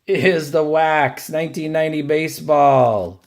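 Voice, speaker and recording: A man casually commenting while he opens trading card packs, calmly listing each card and giving dry opinions. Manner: unhurried, listing cards one by one, dry opinions; brightens and rises in pitch over favorite-team pulls. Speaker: card-collecting channel host. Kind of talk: casual pack-opening commentary.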